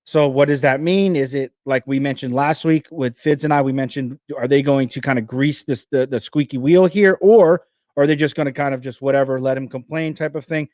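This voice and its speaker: A man with a New Jersey accent hosting a live fantasy football show, talking fast and energetically with frequent restarts. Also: medium pitch, a little mellow, dry recording, clean studio sound.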